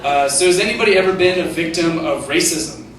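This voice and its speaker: A young man works through a stand-up set in a hesitant, self-mocking way, leaning on "like" as he goes. His voice sits a little high. It is picked up from a distance in a very echoey theater with clear noise underneath. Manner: halting, self-deprecating delivery with many "like"s. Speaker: stand-up comedian. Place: comedy theater stage.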